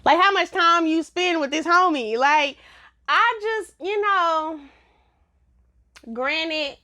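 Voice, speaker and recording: A woman's voice: extremely high pitch, slow pace, bright, forceful tone. A woman giving a casual, blunt TV review in a vlog, laughing often. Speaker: TV show reviewer.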